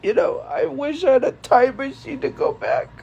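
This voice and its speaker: A young woman streamer speaking to viewers in a tearful, halting way, grief-stricken and repeating herself. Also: high voice, expressive, creaky, warm tone, highs cut off. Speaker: live streamer. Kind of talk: emotional monologue to viewers.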